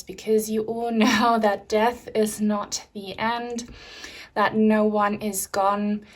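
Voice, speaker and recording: A young woman giving a spiritual tarot reading to camera, talking softly and reassuringly, a little out of breath. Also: medium pitch. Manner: soft, slow and soothing, with gentle repeated reassurances. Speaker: tarot reader.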